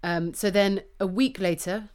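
Speaking a little slowly in a mid-range voice, a woman co-host makes her case on a podcast. The casual conversation runs hot, and she's passionate, animated, and free with her swearing.

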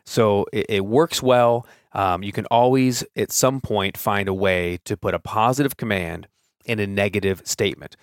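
A man's voice: fairly low pitch, moderate pace, smooth, no room sound, clean studio sound. Casual rambling male podcast host. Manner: casual, thinks aloud with many fillers and restarts. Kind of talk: solo podcast talk.

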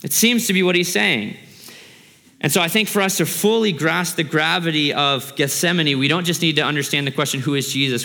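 A man's voice: a little high, a little fast, gravelly, sharp tone, in a large hall. A man preaching a sermon as a pastor, earnest and growing impassioned, asking the congregation rhetorical questions.

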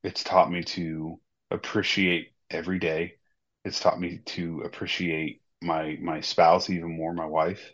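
A man speaks in a very deep, low voice, slow to find his words and leaning on fillers. The sound is dull and muffled, like a lo-fi remote recording. He talks casually as a podcast co-host. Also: flat delivery, a bit bright. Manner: hesitant, many pauses and fillers. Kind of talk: casual personal talk.

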